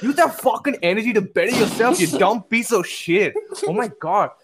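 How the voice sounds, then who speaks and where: A man's voice: high-pitched, animated, normal speed, crowd noise, pitched above the performer's own voice. A man voicing a brash young online know-it-all in a poor American accent, mocking and preachy. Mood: scornful. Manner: mocking, sneering and preachy with heavy cursing.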